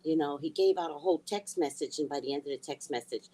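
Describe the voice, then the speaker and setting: Blunt husky-voiced woman ranting. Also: low-pitched, big pitch swings, a little fast, hardly any pauses, poor audio. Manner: blunt, heated, swears freely, swings from hushed to shouting. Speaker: spiritual reader and vlogger. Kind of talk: casual storytelling rant.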